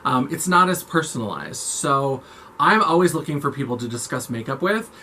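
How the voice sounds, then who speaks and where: A man chatting to camera about makeup and creators, animated and campy in manner. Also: medium pitch, moderate pace, a little hiss or hum. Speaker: makeup vlogger. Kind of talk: casual chat to camera.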